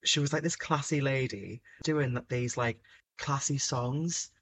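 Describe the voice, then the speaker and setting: A man's voice: medium pitch, a little slow, fairly bright tone. A man co-hosting a podcast in casual chat, blunt and enthusiastic, swearing freely. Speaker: podcast co-host.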